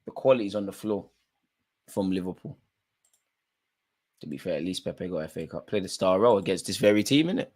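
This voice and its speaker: A man's voice: low voice, expressive, brisk, pauses often, a little mellow. A man hosting a live football watchalong, calling out players by name and bantering in casual slang. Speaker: watchalong host.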